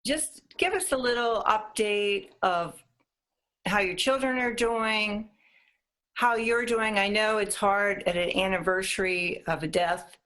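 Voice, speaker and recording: A woman host asks her questions at an unhurried pace, her voice in a middle pitch. She prompts her guest softly and supportively. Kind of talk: interview questions.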